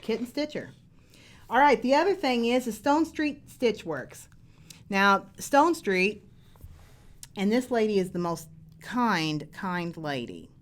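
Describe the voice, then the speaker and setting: Gushing, excited woman host. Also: medium pitch, takes it slowly, pauses often. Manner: gushing, excited, laughs easily. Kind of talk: casual live chat.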